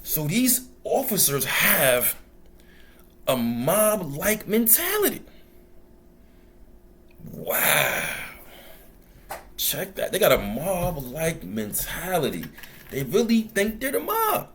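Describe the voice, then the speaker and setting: New guy going off on his show, blunt and cussing, pitch jumping all over. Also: slow pace, pauses often, slight background noise. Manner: blunt, profane, animated storytelling. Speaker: commentary show host. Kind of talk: casual commentary monologue.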